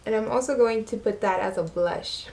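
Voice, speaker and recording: A young woman narrating a makeup tutorial, gushing and easily excited as she talks to her viewers. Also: fairly high pitch, normal speed, creaky. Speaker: beauty vlogger.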